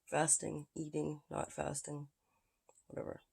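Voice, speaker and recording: A vlogger talking casually into a handheld phone at home, with halting, drifting speech that often drops to a whisper. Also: medium pitch, monotone, gravelly, a little mellow, breathy edge. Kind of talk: casual self-recorded vlog.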